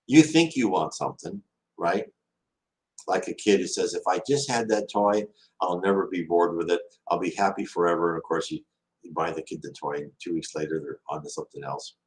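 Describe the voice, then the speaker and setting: A man's voice: deep voice, poor audio. A man hosting a question-and-answer talk, telling stories in a rambling way with many restarts and acted-out quotes. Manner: rambling, with frequent restarts, acting out quoted speech. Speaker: host answering viewer questions. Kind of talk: casual storytelling talk.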